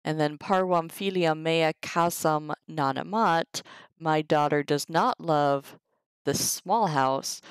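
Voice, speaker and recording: Low-voiced woman studying Latin on stream. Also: clear, resonant tone, dry recording, poor audio. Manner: reads Latin aloud slowly, chatty asides. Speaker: streamer teaching herself Latin. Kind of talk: casual live-stream study session.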